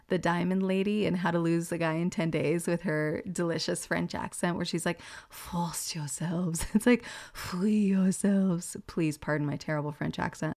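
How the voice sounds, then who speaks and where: Woman channeler, gentle and musing, light vocal fry, relays spirit messages with frequent laughs. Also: medium pitch. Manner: relays what she hears and sees, gentle and musing, laughs often.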